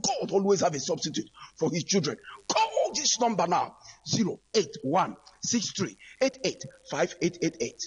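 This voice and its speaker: A man's voice: on the high side, sing-song, moderate pace, few pauses, slightly rough. A man, preaching on the radio and fervently calling out to listeners, again and again. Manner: fervent, repetitive, calls out listeners directly. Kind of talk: preaching broadcast appeal.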